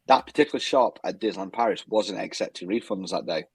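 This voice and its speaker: A British man with a low, husky voice chats casually as a podcast co-host. He rambles and stumbles over his first words before he gets going. The sound is dry and close to the mic. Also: fast talker, no room sound. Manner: rambling, restarts with stammered "I, I". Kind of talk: casual chat.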